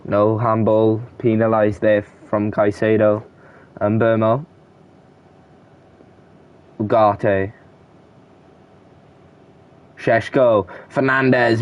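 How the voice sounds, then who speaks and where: Low, unhurried man calling game football. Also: little pitch movement. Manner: calls player names in short bursts, shouts at goals and chances. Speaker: amateur video game football commentator. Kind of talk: play-by-play commentary over a football video game.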